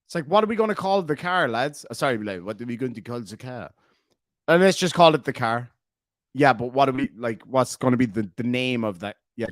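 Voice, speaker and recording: An Irish man in his forties chats casually on a livestream, reading out chat, joking, and swearing plenty in animated asides. His voice is on the high side, recorded with clean studio sound and no room sound.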